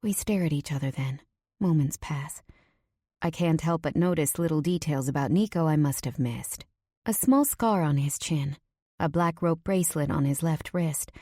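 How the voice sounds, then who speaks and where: A woman narrating a first-person romance audiobook in an intimate, measured way. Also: deep voice, dark tone, dry recording, studio quality.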